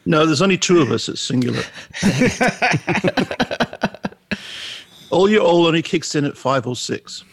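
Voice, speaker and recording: A man's voice: fairly high pitch, lively intonation, takes it slowly, long pauses, slightly rough, no room sound. A man talking as a guest on a podcast interview, candid and wry about himself. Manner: candid, wry, self-deprecating. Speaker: guest, book author.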